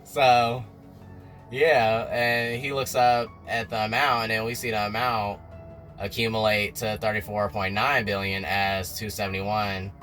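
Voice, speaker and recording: Bright-voiced man recapping with slang. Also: lowish voice, measured pace, soft background music. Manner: slangy, animated storytelling addressing viewers as y'all. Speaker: TV recap vlogger. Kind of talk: casual episode recap.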